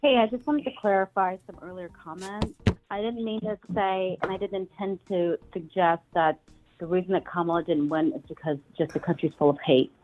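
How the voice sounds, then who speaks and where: A woman's voice: fairly low pitch, steady tone, a little fast, faint music behind. A woman calling in to a live show, carefully clarifying her earlier comments. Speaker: caller. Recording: tinny phone line.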